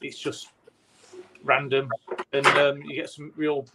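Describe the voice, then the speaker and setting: A man's voice: medium pitch, monotone, slow pace, heavy background noise. A man chatting casually as a guest on a live stream, wondering aloud with a curious manner. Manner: curious, thinks aloud with restarts. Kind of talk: casual chat.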